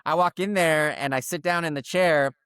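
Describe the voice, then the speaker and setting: Animated, profane podcast storyteller man. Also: fairly high pitch, normal speed, clear, resonant tone, dry recording, clean studio sound. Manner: animated, profane, rambling with many "like"s. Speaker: podcast co-host. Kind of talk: casual comedic storytelling.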